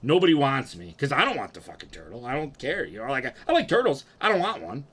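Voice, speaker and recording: A young man casually telling a profane, animated story about himself and acting out what people said. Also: medium pitch, fast, breathy edge. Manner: animated, profane, acts out quotes.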